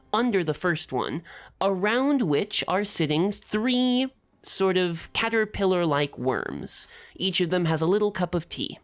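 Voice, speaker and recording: Slow, expressive woman narrating a game. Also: on the low side. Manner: descriptive, meandering narration. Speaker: game master.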